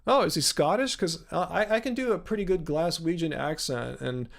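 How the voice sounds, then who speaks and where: Gravelly, rambling American livestream host. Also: male voice, a little high, a little fast. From United States. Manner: rambling, filler-heavy. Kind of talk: live-stream Q&A chat.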